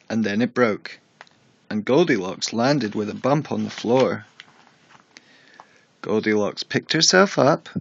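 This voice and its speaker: A man narrating a bedtime story in a measured, expressive storybook reading. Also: medium pitch, no room sound, muffled recording.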